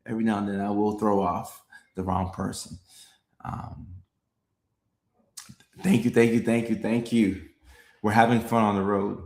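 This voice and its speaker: Laid-back gravelly-voiced young man chatting. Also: on the low side, flat delivery, moderate pace, pauses often, echoey room. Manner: laid-back, repeats lines, chuckles often. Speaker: comedian hosting a live stream. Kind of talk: casual live-stream chat reading comments.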